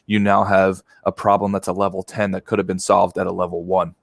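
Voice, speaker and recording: A man with a low, deep voice talks things through on a podcast, building his points with analogies. His voice is recorded close and dry, with no room around it. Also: level tone, brisk, creaky, dry recording. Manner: reflective, explains with analogies. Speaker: podcast guest. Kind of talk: casual podcast conversation.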